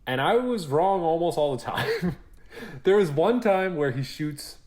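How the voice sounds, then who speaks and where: This young man's voice is on the high side and a little slow as he co-hosts a casual podcast chat. He's an animated storyteller who acts out quotes and swears freely.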